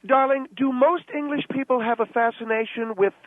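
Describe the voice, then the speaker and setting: A man's voice: extremely high pitch, fairly even intonation, brisk, no echo, pitched above the performer's own voice. A man voicing a pompous, gossiping American society lady who gushes and calls people darling, heard over a phone line. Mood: gushing. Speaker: guest character on radio show.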